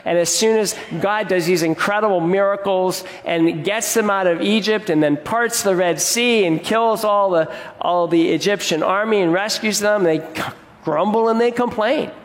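Male pastor, slightly high voice, earnest sermon delivery with restarts, long hall reverb. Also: moderate pace. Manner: earnest, repeats and restarts words, asks the congregation questions.

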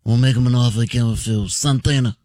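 A man putting on the voice of an aging male mafia boss, rushed and gravelly. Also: mid-range voice, fairly even intonation, darkish tone, slight background noise, pitched below the performer's own voice, close to an everyday voice. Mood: menacing. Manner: rushed, quick delivery.

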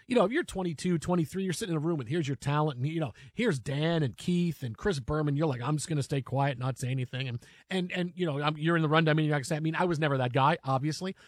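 A man talks sports in a casual, animated way, often stumbling and restarting mid-sentence. His voice sits a little high for a man. The sound is dry and close to the mic. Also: quick pace, few pauses, no room sound. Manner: animated storytelling with many restarts. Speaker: sports radio host.

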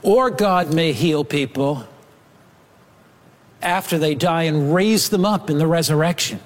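A man's voice: fairly high pitch, a little slow. A man preaching a sermon with an emphatic, repetitive cadence. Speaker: pastor.

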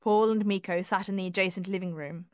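A woman reading a novel aloud as audiobook narrator, measured and even. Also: mid-range voice, clear, resonant tone, no room sound, clean studio sound. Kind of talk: scripted narration.

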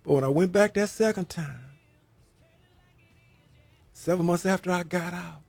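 A man's voice: high voice, unhurried, creaky, a little mellow, dry recording, faint music behind. A man who served prison time, preaching a sermon in a folksy way and repeating his phrases for emphasis.

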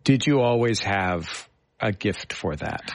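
A man hosting an interview, playful and quick to joke along with his guest. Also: on the low side, gravelly, dry recording. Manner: playful, laughs along, lively questions. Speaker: interview host. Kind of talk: radio interview.

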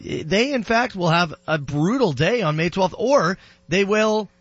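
A man's voice: sits high, animated, a little slow, a bit bright, slightly rough, no room sound, highs cut off. A man hosting a radio morning show, joking through casual banter with his co-host.

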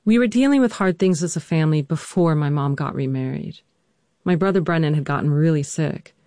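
A narrator telling a personal family story and interviewing their mother, measured and reflective. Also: medium pitch, darkish tone, no room sound, clean studio sound.

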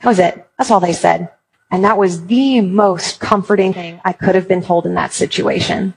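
A woman's voice: lowish voice, moderate pace, gravelly, husky, poor audio. A woman giving an earnest Christian talk, mixing encouragement with humorous personal stories. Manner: humorous, animated storytelling. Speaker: Christian speaker.

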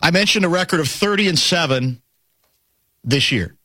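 Animated, bright-voiced sports radio host. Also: male voice, on the high side, normal speed, no room sound. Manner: chatty, teasing, animated storytelling. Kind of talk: casual sports talk.

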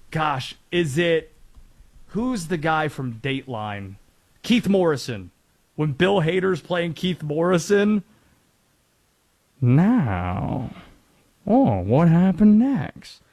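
A man from North Carolina hosting a casual sports talk show, joking and telling stories. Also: on the high side. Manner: animated, jokey, quotes and impressions. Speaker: sports radio host.

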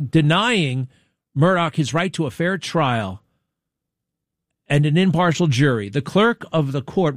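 A man's voice: dry recording, clean studio sound. A male talk show host from the United States, rambling through a casual on-air monologue and asking his crew questions as he goes. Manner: rambling, animated, with exaggerated pitch swings.

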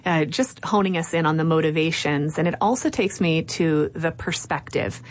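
A woman's voice: low voice, moderate pace. A woman hosting an interview, thoughtful and affirming, who builds on her guest's points before asking follow-ups. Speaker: interview host. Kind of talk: conversational interview.

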